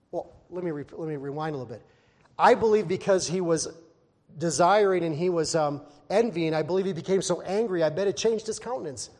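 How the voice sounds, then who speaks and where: Man, preacher, sermon, animated storytelling, slightly high voice, long hall echo. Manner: animated storytelling, acting out the characters in raised voice.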